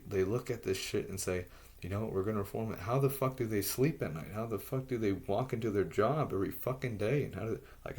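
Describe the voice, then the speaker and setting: A male vlogger rants solo to the camera, profane and exasperated, firing off rhetorical question after rhetorical question. His voice leaps up and grows louder in bursts, then sinks back down low and soft.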